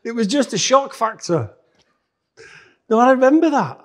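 A man's voice: very high voice, very animated, normal speed. A man in his forties co-hosting a podcast, chatting easily with an old friend, chuckling and trailing off mid-sentence. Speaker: podcast co-host. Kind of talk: casual chat between old friends.

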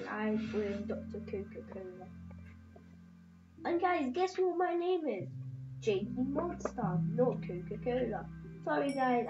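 A woman's voice: on the high side, highs cut off. A woman hosting a gaming channel, chatting in a rambling, jokey way to her viewers while she plays. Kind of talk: casual let's-play commentary. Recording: echoey room with clear background noise.

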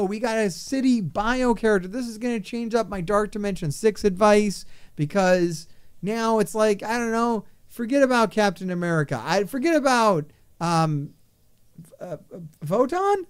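A man giving casual commentary on a mobile game update, ranting excitedly and with exasperation. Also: sits high, unhurried, clear, resonant tone, no echo, studio quality. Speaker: gaming YouTuber.

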